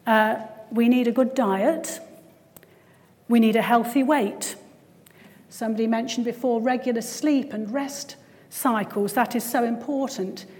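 A woman's voice: fairly high pitch, a little slow, a little mellow, big-room sound. A woman giving a conversational church talk, often tagging her points with questions. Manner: conversational, frequent tag questions. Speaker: Christian speaker and GP.

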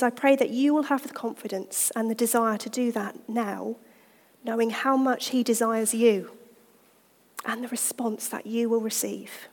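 A woman giving a gentle devotional talk to women, slowing down for scripture and dropping to a near whisper when earnest. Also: fairly high pitch, in a large hall. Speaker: women's ministry speaker.

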